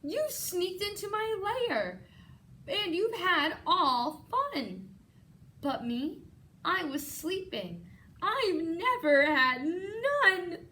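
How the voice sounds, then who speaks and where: A woman's voice: very high voice, sing-song, extremely slow, pushed and bright, pitched above the performer's own voice, exaggerated voice. A woman voicing a big male bear in a storybook, whiny and blubbering as he complains. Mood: sulky, whiny.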